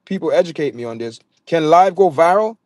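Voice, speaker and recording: A man's voice: a little high, animated, brisk, darkish tone, dry recording. A man with a Jamaican accent hosting a casual livestream, talking straight to his chat viewers and often stammering and repeating words. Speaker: livestream host.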